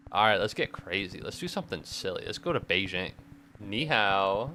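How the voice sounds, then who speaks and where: A man's voice: lowish voice, lively intonation, moderate pace, pushed and bright, a little hiss or hum. A man in his twenties chatting casually to his live-stream viewers while gaming, rambling, joking and swearing with a self-deprecating streak.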